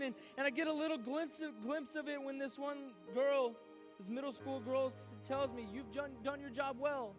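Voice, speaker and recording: A man preaching a youth sermon as youth pastor, animated, acting out his own doubts aloud. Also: very high voice, moderate pace, soft background music.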